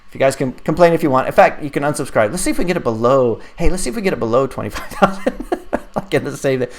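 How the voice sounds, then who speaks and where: A man's voice: mid-range voice, lively intonation, racing, slight background noise. A man in his forties hosting a casual live stream, rambling and laughing as he reads out viewer questions. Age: 40s. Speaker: live stream host and app developer.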